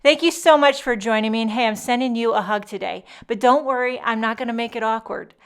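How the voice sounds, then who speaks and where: Her voice is smooth, on the high side and fairly quick as this woman chats through a casual card-making tutorial, sprinkling in jokes while she narrates.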